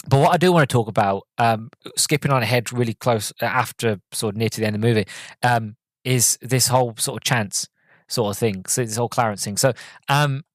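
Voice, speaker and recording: A man hosts a casual solo review podcast in an average-pitched voice. He rambles with a steady stream of fillers and "sort of". The recording is dry, with no room sound. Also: no echo. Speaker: podcast host, film reviewer.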